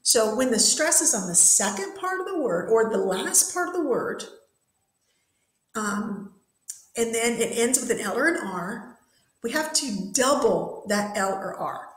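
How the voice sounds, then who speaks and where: A woman's voice: a little high, expressive, measured pace, reverberant, low-quality recording. A woman teaching an English grammar lesson in a classroom, patiently repeating and spelling out words. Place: classroom with whiteboard.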